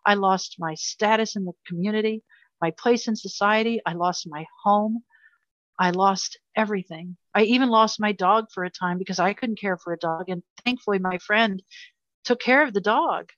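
A woman's voice: medium pitch, moderate pace, fairly bright tone, no echo, muffled recording. An older woman telling a painful personal story in an interview, earnest and emotional, often repeating herself. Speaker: guest.

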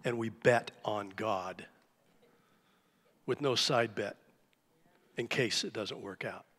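A man preaching a sermon to a church congregation, telling a story with lively, animated delivery. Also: lowish voice, takes it slowly. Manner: animated storytelling, acts out shouted cries. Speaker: pastor. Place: church sanctuary. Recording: live church hall reverb.

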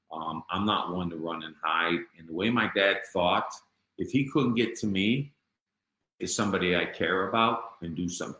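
A man's voice: low-pitched, bright, forceful tone, echoey room, low-quality recording. A middle-aged man in an interview, telling his own story in a blunt, street-talking way with lots of "you know" fillers. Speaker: guest.

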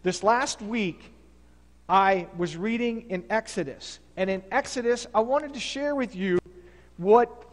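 A man's voice: high-pitched, measured pace, in a large hall. A male pastor preaching a sermon in a conversational, storytelling manner. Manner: conversational preaching, fillers and restarts. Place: church sanctuary.

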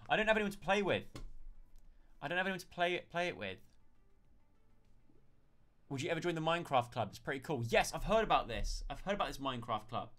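A man's voice: on the high side, expressive, fast talker, pauses often, a bit bright. A man chatting casually on a live stream, thanking viewers one by one and answering their questions.

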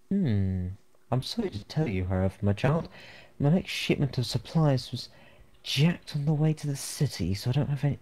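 A man's voice: medium pitch, mellow. A man voicing an irritable, stressed male town doctor in an improvised game character voice.

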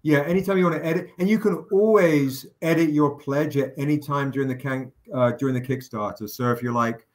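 A man's voice: medium pitch, fairly even intonation, normal speed, hardly any pauses. A man hosting a live stream, chatting casually with fillers, jokes and the odd swear word. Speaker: livestream host running a crowdfunding campaign.

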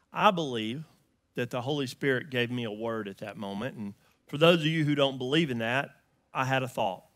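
A male pastor with a Southern US accent preaches in a storytelling way. His tone is bright and forward. The sound is dry and close, and he swings from loud, emphatic lines to quiet, hushed ones. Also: mid-range voice, no room sound. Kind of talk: sermon.

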